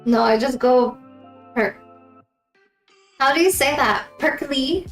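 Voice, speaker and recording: A woman's voice: high-pitched, slow. A woman live streamer chatting casually with her viewers, giggling often between remarks. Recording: roomy echo, faint background music.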